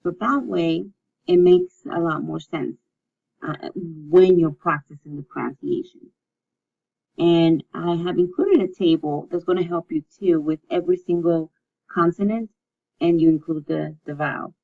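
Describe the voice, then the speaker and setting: A Spanish teacher leads a recorded language lesson, going slowly and patiently and repeating each word so learners can practice along. Her lowish voice has a gravelly, fry-tinged texture and an unhurried pace. The recording sounds dull and lo-fi.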